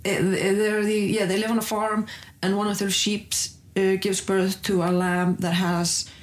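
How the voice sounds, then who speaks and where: A woman from Iceland, a comedian guest chatting casually, relaxed and halting, with many fillers. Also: mid-range voice, noisy background. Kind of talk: casual interview chat.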